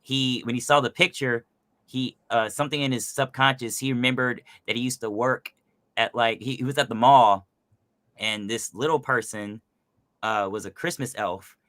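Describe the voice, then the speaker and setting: Speaking at a normal pace in a mid-range voice, a man talks with no room sound in the background. As a voice actor guest on a laid-back podcast, he discusses his work animatedly, leaning heavily on fillers.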